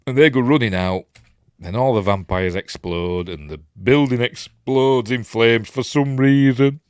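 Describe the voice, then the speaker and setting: A man's voice: medium pitch, measured pace, darkish tone, smooth, no echo, studio quality. A man with a Yorkshire accent casually recapping a film as he watches it, rambling with lots of ums and self-corrections. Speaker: film reviewer.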